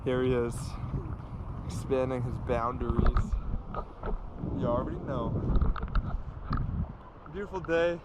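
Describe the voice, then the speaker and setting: A man's voice: medium pitch, slow, long pauses. A young man chatting casually to his camera as a vlogger, outdoors at the beach. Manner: laid-back, repeats catchphrases. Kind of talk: casual vlog chat. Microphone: handheld camera. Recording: loud wind and surf noise.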